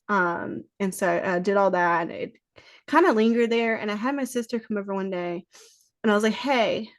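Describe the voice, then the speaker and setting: A woman's voice: mid-range voice, creaky, dry recording. A woman guest on a podcast, telling stories in a casual chat, swearing freely and acting out what people said. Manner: swears freely, acts out quoted dialogue.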